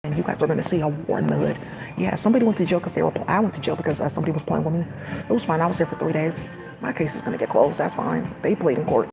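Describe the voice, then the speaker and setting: A woman's voice: sits low, rapid-fire, vocal fry, music in the background. A woman vlogger in a casual, meandering monologue, full of fillers and sudden asides. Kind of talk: casual rambling monologue to camera. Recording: noisy background ambience.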